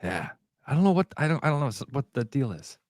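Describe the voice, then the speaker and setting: A middle-aged man co-hosting a sports talk radio show, telling animated stories and laughing easily. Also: medium pitch, fast talker, dry recording, studio quality. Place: radio studio.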